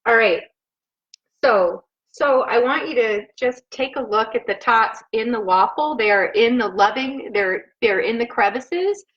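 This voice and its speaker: A woman with a somewhat high, slightly bright voice speaks at a measured pace, her highs cut off by the laptop mic she records on. She hosts a casual live cooking show from her home kitchen, rambling and laughing often as she cooks.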